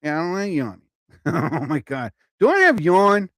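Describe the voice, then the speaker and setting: A man chats on his own livestream from home, rambling from one thought to the next and laughing at his own asides. His voice sits a little higher than most men's, and the sound is close and dry. He sounds a bit tired and yawns now and then. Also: sing-song, moderate pace, a bit bright, no echo. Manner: chatty, self-interrupting, swears mildly, laughs at himself. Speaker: comedian livestreaming. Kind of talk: rambling casual livestream chat. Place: at home, TV on overhead. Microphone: phone or computer mic, livestream.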